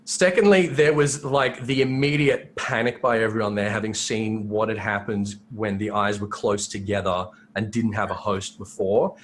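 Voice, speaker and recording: A man with a fairly low voice talks through a podcast discussion in a loose, rambling way, piling up fillers and restarts. A faint hiss of noise sits under his voice. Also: fairly even intonation, normal speed, hardly any pauses. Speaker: podcast co-host.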